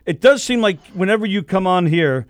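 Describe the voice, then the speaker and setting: A man's voice: sits high, brisk, no echo, studio quality. A man hosting a comedy radio show, steering the chat with easy laughs. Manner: lively, laughing, steers the talk. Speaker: radio host.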